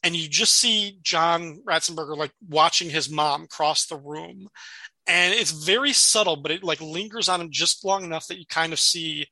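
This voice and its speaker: A man hosting a podcast, chatty and loose, laughing often as he acts out quotes. His voice is very bright and a little high, and the sound is dry and close. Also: moderate pace, no room sound. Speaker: podcast host. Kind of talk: casual chat.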